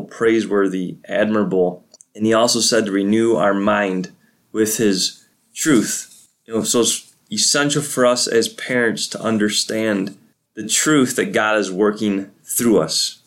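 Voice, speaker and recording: A man's voice: on the low side, fairly bright tone. A middle-aged man, a pastor, giving an earnest and encouraging devotional talk to parents on a podcast.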